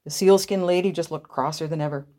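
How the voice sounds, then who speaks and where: A woman narrating a story aloud in a measured, expressive reading. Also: low voice.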